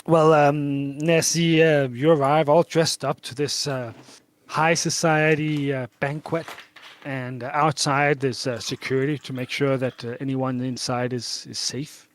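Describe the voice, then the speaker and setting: A man's voice: medium pitch, flat delivery, measured pace, a little hiss or hum. A man narrating as game master, with frequent hesitations and fillers. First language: Danish.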